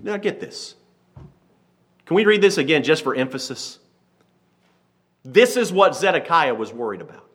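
A man preaching a sermon, reading scripture slowly and then retelling it in lively everyday speech, acting out the characters. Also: a little high. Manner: switches from slow King James reading to lively paraphrase.

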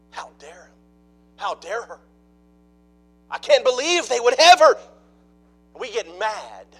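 A man preaching a sermon, dropping to hushed mock-gossip asides and then rising into loud, emphatic preaching. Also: sits high, breathy edge, low-quality recording. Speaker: pastor.

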